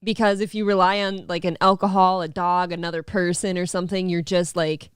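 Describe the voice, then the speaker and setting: A man's voice: high-pitched, little pitch movement, fairly quick, fairly bright tone, clean tone, no echo, studio quality. A man with a Minnesota accent, co-hosting a casual podcast in an easygoing way. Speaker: podcast co-host.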